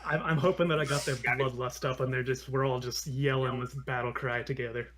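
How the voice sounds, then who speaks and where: A man's voice: mid-range voice, fairly even intonation, fairly quick, over a noisy crowd. Rambling man at the gaming table. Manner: rambling, laughing, with many ums and restarts. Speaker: player. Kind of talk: casual tabletop game chat.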